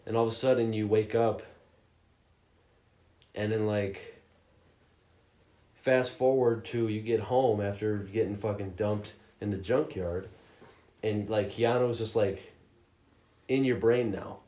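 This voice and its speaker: A man's voice: on the low side, slow pace, long pauses. Profane man telling a story, roomy echo. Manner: profane, animated storytelling with mocking quoted voices. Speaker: podcast host reviewing a game. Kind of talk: casual chat. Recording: roomy echoey room.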